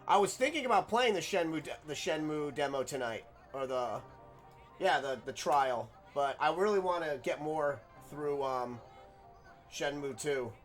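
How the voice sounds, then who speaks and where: Young man, game streamer, excitable, swears, rambling, higher voice, quiet music underneath. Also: measured pace. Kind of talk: casual let's-play commentary.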